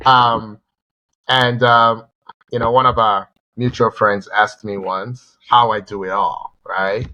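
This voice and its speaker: A man co-hosting a sports podcast, telling stories in a rambling, animated way and often repeating words. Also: on the low side, takes it slowly, highs cut off. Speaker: podcast co-host. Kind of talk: casual sports chat.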